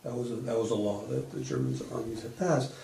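A man's voice: medium pitch, brisk, creaky, warm tone, far from the mic, slight background noise. A middle-aged man giving an oral history interview, retelling events plainly and explaining things as he goes, often restarting his sentences. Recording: echoey room.

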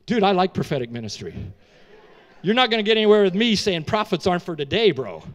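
High-voiced middle-aged pastor man telling a story in his sermon, animated, emotional, tosses in casual asides. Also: fast.

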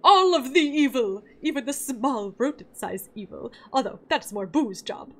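Woman doing Minsc, booming earnest warrior. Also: expressive, moderate pace. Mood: heroic. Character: hulking earnest male warrior, boastful and sweet.

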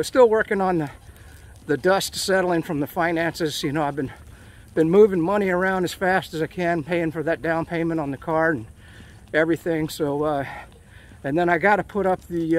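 A middle-aged man vlogging casually while walking outdoors in a park, hot and sweaty, talking emotionally in rambling bursts full of fillers. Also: on the high side. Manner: emotional, ranting, with frequent fillers.

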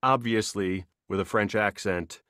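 A man, an audiobook narrator, telling a story casually on a video call in an animated way. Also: on the low side, unhurried, no room sound, studio quality. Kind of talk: casual chat.

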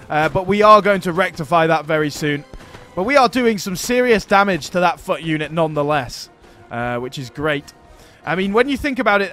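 A man's voice: high-pitched, a bit bright. A man giving chatty, upbeat gameplay commentary as a gaming host. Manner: chatty and upbeat, jokes with himself.

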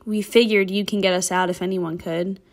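A nervous teenage boy on the run speaks with urgent tension, read by a woman. His lines come hurried and worried. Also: medium pitch, fairly even intonation, close to an everyday voice.

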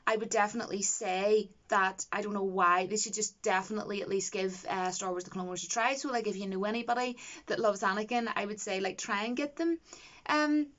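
A woman's voice: mid-range voice, fairly even intonation, brisk, fairly bright tone, highs cut off. A young woman, reviewing a TV episode in a casual, enthusiastic and rambling way. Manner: enthusiastic, rambling, gushing with praise.

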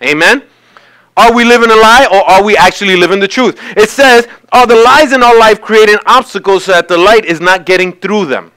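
A man's voice: high voice, brisk, pushed and bright, clean tone, poor audio. A man preaching a sermon as pastor in a church, talking conversationally and acting out quoted voices.

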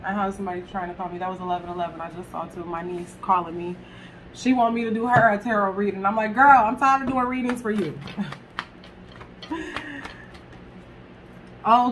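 A woman's voice: mid-range voice, unhurried, pauses often, a little hiss or hum. A woman reading tarot cards to camera in a chatty way, talking straight to her viewers and swearing casually. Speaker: tarot reader.

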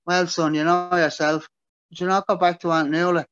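A man reading aloud and voicing a rough, twitchy, boozy older uncle who lives rough in Dublin. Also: high voice, flat delivery, normal speed, fairly bright tone, dry recording, highs cut off.

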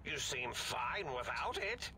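A man's voice: mid-range voice, sing-song, unhurried, pushed and bright, slight background noise, heavily acted. A man voicing an eccentric old mad scientist in a video game who talks in a pedantic, wordy, theatrical way.

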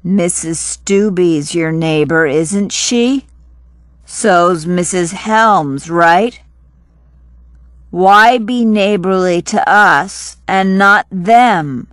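A woman's voice: lowish voice, very slow, no room sound. A woman reading a blunt teenage boy.

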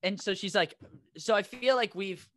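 A man's voice: sits high, normal speed, a bit bright. Laughing man telling a rambling story. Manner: rambling anecdote, laughs mid-sentence. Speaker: comedy podcast co-host. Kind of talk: casual storytelling.

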